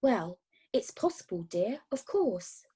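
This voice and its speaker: A woman playing a gentle bridesmaid who comforts the bride in a radio play. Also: on the high side, sing-song, husky, exaggerated voice. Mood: comforting. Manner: slow, comforting.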